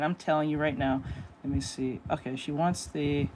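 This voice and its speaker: A woman from New York reacting to videos with loud, blunt, profane exclamations. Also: deep voice, fairly even intonation, normal speed, a little hiss or hum. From United States, New York. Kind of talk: reaction commentary.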